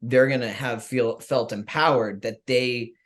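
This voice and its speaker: A man co-hosting a talk show, speaking in a casual, measured and reflective way. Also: mid-range voice, steady tone. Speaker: podcast co-host. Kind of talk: casual chat.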